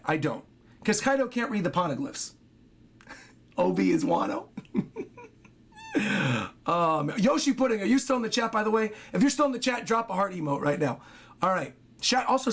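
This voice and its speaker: A man with a high, hoarse voice that sounds worn out from talking. He rambles excitably through a casual livestream, reading donations and breaking off to talk to his dog. It has the loose feel of someone chatting at home.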